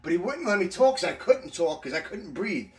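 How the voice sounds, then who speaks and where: Pitched high with big swings in intonation, a man talks briskly about his time behind bars, casual and loose in his storytelling. He curses freely and keeps backing up to restart, and the echoey room and far-off mic make him sound distant.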